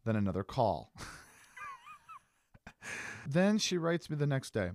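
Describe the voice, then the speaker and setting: Casting note: male storyteller with a middle-pitched voice and a lot of energy, swears freely and acts out the texts he gets, recorded close and dry. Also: sing-song, a little slow, long pauses, a little mellow, no echo. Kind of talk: casual storytelling chat.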